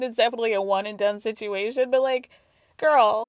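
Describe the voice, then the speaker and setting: A woman hosting a podcast, recapping reality TV in an animated, gossipy way, swearing freely and laughing often. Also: fairly high pitch, fast, dry recording, studio quality. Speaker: podcast host.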